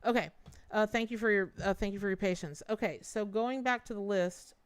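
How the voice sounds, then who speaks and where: In a mid-range, clean-toned voice that runs a little fast, a tarot reader on a live stream chats straight to her viewers, repeating words for emphasis.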